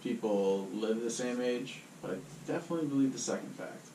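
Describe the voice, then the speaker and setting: Animated male co-host, quick to scoff, recorded far from the mic with faint hiss. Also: mid-range voice. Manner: skeptical, exclaiming. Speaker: podcast co-host. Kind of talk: casual podcast banter. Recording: roomy, distant mic, faint noise.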